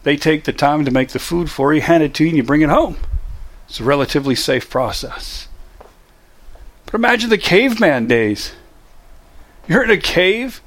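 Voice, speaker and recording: A man's voice: sits high, fairly bright tone. A middle-aged man giving a casual, emphatic motivational monologue, full of rhetorical questions. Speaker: motivational speaker.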